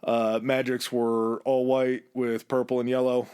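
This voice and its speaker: A man's voice: measured pace, clean tone, no echo. Man telling a story on a dry podcast mic. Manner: relaxed storyteller, acts out quoted lines with shifts in pitch. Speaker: podcast host. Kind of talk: casual storytelling chat.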